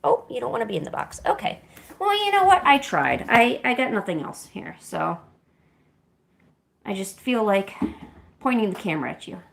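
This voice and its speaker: A woman's voice: mid-range voice, big pitch swings, normal speed, vocal fry, pauses often. Playful woman coaxing her cats. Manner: coaxing and playful with pets, soft asides. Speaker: art streamer. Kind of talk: casual chat with her cats on a stream.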